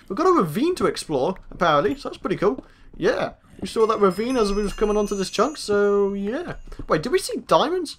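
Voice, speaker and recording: A man's voice: high-pitched, big pitch swings, fairly quick. A young man, a gaming host, chatting to himself through a let's play and taunting the monsters he meets. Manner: chatty self-talk, taunts game mobs.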